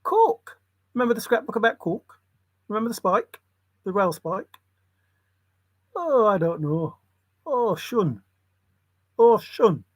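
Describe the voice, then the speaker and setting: A man's voice: sits high, sing-song, slow pace, long pauses, no echo. A man rambling in a solo monologue, muttering to himself and breaking into sudden exclamations. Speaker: channel host.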